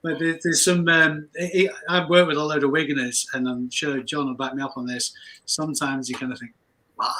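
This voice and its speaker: A man's voice: fairly high pitch, flat delivery, fairly quick, pushed and bright, a little hiss or hum, rough recording. A man hosting a casual live chat, talking in a chatty way with frequent restarts. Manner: chatty, restarts often, laughs easily. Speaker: host.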